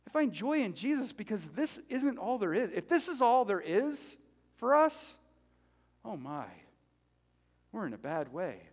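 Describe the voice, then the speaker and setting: High-pitched guy preaching, chatty and animated, echoey church hall. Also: measured pace. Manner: animated, conversational, jokes with congregation. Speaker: pastor. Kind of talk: sermon. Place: church sanctuary. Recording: reverberant hall.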